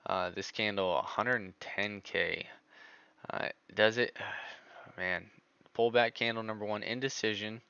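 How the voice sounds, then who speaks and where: A man streaming live stock trading, talking through charts in a casual, excitable way. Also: fairly low pitch, unhurried, clear, resonant tone, no echo, highs cut off. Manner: excitable, groans over missed trades. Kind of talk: live market commentary.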